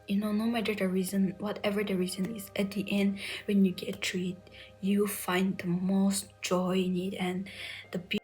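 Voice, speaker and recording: A young woman telling an emotional personal story, softly and often near a whisper, tearful at times, with many fillers. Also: mid-range voice, flat delivery, moderate pace, faint music behind, rough recording. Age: young adult. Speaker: medical entrance exam aspirant sharing her story.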